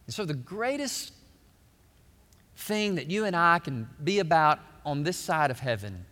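A male pastor preaching a sermon, swelling loud and then dropping quiet. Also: fairly high pitch, big pitch swings, unhurried. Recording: long hall reverb.

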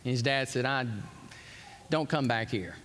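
Fired-up pastor guy, sharp bright voice, preaching in a big echoey church hall. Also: medium pitch, measured pace, a little hiss or hum. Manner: impassioned, repeats words when worked up. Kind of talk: live sermon to a congregation. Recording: long reverb of a large hall.

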